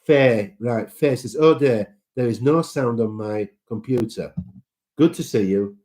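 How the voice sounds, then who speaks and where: A man's voice: medium pitch, unhurried, darkish tone. A man hosting a casual live chat, reading out viewer comments and greeting people by name in a sentimental way.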